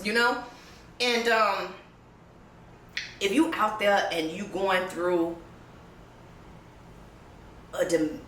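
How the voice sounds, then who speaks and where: In a candid personal story, a woman vlogger speaks bluntly and profanely, laughing frequently while sounding on the verge of tears. Her medium-pitched voice is bright and forceful. Faint background noise and roomy echo come through the distant mic.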